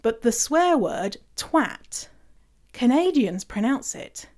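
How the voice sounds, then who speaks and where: A woman's voice: medium pitch, unhurried. Chatty British woman, swearing and laughing. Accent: British English. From England. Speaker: podcast host. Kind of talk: casual solo podcast talk.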